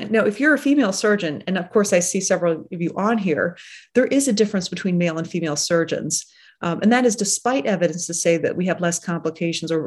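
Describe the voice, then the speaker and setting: A woman surgeon and coach presenting a webinar, talking through slides in a reflective, conversational way with many fillers. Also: on the low side.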